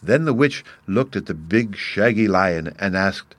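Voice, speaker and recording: A man reading a storybook aloud as an audiobook narrator, calm and even. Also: low voice, measured pace, hardly any pauses, no echo.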